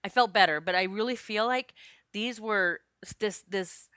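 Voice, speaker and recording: Female podcast host, candid storyteller, bright crisp voice, dry close sound, curses freely. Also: mid-range voice, moderate pace, dry recording. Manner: frank and animated, swears and laughs often.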